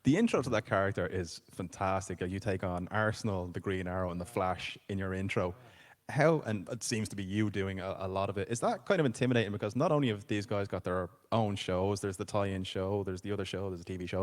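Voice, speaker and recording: A man's voice: low-pitched, fast talker. A man hosting a convention panel, asking questions and joking with the audience. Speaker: panel host. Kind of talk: interviewing on stage. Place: convention hall stage.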